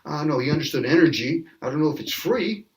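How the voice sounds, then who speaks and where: Talking fast with lively intonation, this panel guest has a somewhat high voice and keeps the speculative discussion casual, laughing a lot and performing small quoted back-and-forths. The recording places him far from the microphone.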